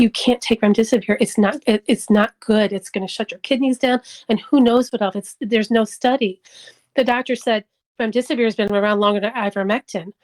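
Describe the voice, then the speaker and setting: A woman's voice: on the high side, a little mellow, low-quality recording. A middle-aged woman giving an emotional personal testimony in an interview. She acts out the dialogue as she tells it. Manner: emotional storytelling, acting out dialogue.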